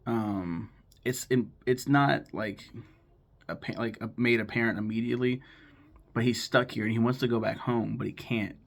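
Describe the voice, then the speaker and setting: Ranking his favorite cartoons on YouTube, this man in his thirties speaks to camera in a creaky, medium-pitched voice. He wanders off topic, curses freely, and recounts the plots, rattling off the characters' lines in quick impressions.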